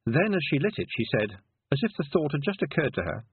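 Husky guy reading a storybook, lively melodic voice, tinny phone-ish sound. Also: on the high side, fast, no room sound. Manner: expressive, varied delivery. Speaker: audiobook narrator. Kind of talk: storybook narration.

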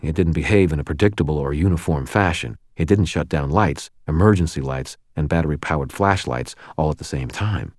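A male audiobook narrator with an extremely deep voice. He tells the story in a dry, first-person way. The recording is dry and close with no room sound. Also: a little fast, hardly any pauses, a little mellow, no room sound. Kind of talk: scripted narration.

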